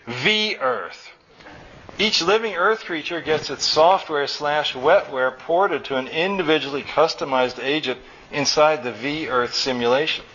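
A man's voice: fairly high pitch, sharp tone. A man reading as an agitated engineer. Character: stubborn, agitated middle-aged male engineer. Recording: dull recording with faint room noise.

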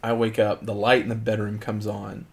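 A middle-aged man, a father, talking with his child in a relaxed, chatty way, often saying "like". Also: fairly low pitch, normal speed, gravelly. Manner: relaxed, chatty, heavy use of "like". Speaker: father and show co-host. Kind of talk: casual family chat.

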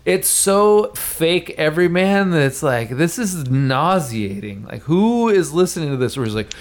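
A man's voice: fairly high pitch, sing-song, normal speed, hardly any pauses. A man chatting casually on a podcast, sardonic, swearing and laughing often.

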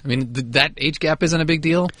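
A man's voice: on the high side, fairly quick, fairly bright tone, dry recording. A man co-hosting a rewatch podcast, making wry, playful comments about the episode. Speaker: podcast co-host.

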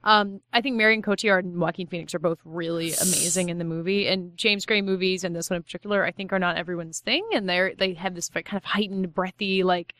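Chatty woman film critic, bright voice. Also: fairly low pitch, steady tone, fast talker, hardly any pauses, no room sound. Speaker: podcast co-host, film critic. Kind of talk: casual chat.

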